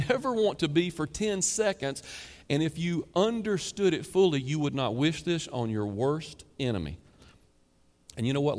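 Male preacher, mid-pitched voice, conversational but emphatic delivery, rhetorical questions, long hall reverb. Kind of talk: sermon.

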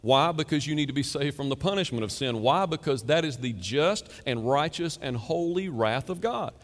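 A man's voice: fairly high pitch, lively intonation, moderate pace, big-room sound. A man preaching a sermon in an emphatic, conversational way, asking rhetorical questions and answering them himself.

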